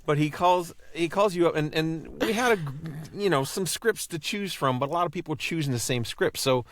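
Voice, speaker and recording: A man's voice: a little high, fairly quick, fairly bright tone, a little hiss or hum. A man co-hosting a podcast, telling a long story in a casual, rambling chat with many restarts. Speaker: podcast co-host.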